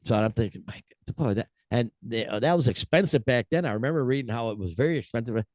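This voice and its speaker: A man's voice: medium pitch, lively intonation, fast, a little mellow, no echo, studio quality. An older man hosting a podcast, chatting and reading rock news in a jokey, chuckling way. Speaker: podcast host. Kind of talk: casual chat, reading news.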